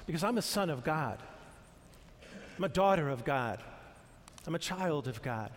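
Older male pastor, earnest and chatty in the pulpit, higher-pitched, recorded with a long reverb in a church hall. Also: expressive, normal speed, a little hiss or hum. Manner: conversational, earnest, with restarts and asides. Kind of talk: sermon.

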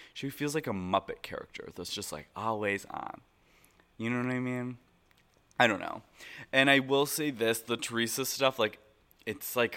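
Guy doing a reality tv recap, bright lowish voice, super excitable, says like a lot. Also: vocal fry. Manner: excitable, gushing, full of "like" fillers. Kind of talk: casual recap commentary.

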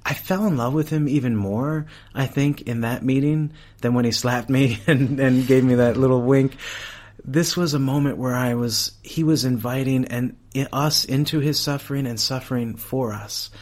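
A middle-aged priest recounts a memory in easy conversational speech. He is animated, breaks into laughter often and restarts his sentences as he goes. His voice sits at an ordinary middle pitch. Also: moderate pace. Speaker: priest and campus chaplain, guest. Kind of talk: casual storytelling in an interview.

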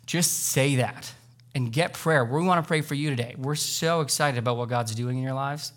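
A man preaches to his congregation in a church sanctuary. His delivery is conversational and earnest, and it rises in places to loud, emotional peaks. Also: mid-range voice, normal speed. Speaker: pastor. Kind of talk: sermon.

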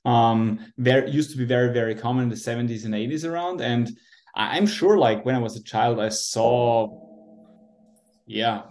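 A man's voice: medium pitch, moderate pace, darkish tone. A man, a podcast guest talking in a hesitant, easygoing way. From Austria. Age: 30s. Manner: hesitant, many fillers and restarts, easygoing. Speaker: guest, moped club president. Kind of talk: casual podcast interview.

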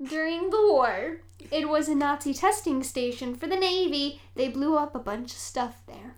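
High-voiced woman podcast co-host. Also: animated, moderate pace. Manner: giggly, storytelling. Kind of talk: casual chat.

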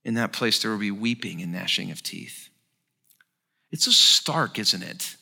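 A male pastor preaching a sermon, expressive and dramatizing the scripture as he explains it. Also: on the low side, measured pace, creaky.

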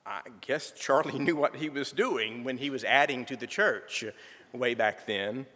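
A middle-aged man, telling a folksy church testimony with gentle humor. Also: medium pitch, a little slow. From southern United States. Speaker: church member giving a testimony. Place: church sanctuary. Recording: reverberant church sanctuary.

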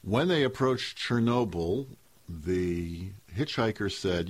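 A man's voice: sits low, normal speed, husky. A man hosting a radio show, telling a folk story in a casual, conversational way with slang asides.

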